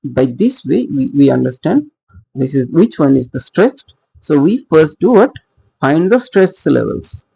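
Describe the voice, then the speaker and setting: Slow, gravelly male teacher. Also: a little high, sing-song, warm tone, low-quality recording. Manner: hesitant, with frequent fillers and self-corrections; asks the class rhetorical questions and answers them himself. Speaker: literature teacher. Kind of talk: lecture on poetic meter.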